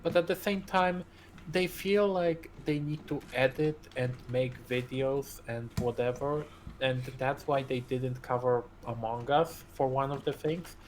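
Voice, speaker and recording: A man's voice: medium pitch, fairly even intonation, unhurried, a little hiss or hum. Ranting, foul-mouthed man. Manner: ranting, profane, opinionated. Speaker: co-host on a gaming stream. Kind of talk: casual gaming chat.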